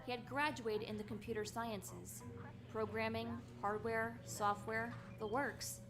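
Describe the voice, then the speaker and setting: A woman's voice: fairly high pitch, steady tone, unhurried. A woman playing a determined young female superhero who explains things earnestly. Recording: music playing under the voice.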